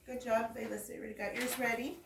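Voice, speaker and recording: A woman's voice: on the high side, little pitch movement, fast talker, vocal fry. A woman teaching a primary school class, giving patient step-by-step directions and encouragement. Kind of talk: classroom instruction. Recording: echoey classroom, mic at a distance, noisy.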